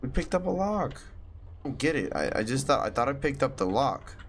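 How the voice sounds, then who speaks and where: A man's voice: medium pitch, sing-song, a little fast, a little hiss or hum. Jumpy, swearing man playing a horror game. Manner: jumpy, swearing, talks to himself while playing. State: scared and tense. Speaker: gaming YouTuber. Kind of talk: horror gameplay commentary.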